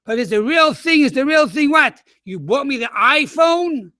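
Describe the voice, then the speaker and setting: A man, a rabbi, telling an animated story to schoolchildren over a webinar. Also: extremely high pitch, normal speed, dry recording, studio quality. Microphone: webinar microphone.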